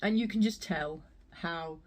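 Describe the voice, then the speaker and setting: Woman, thrift haul vlogger, rambling casual chat, slightly low pitch. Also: unhurried. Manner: chatty, rambling, laughs often.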